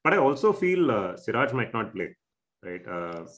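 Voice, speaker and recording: A man co-hosting a podcast with quick, wry banter. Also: mid-range voice, very animated, fairly bright tone. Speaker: podcast co-host. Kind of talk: casual chat.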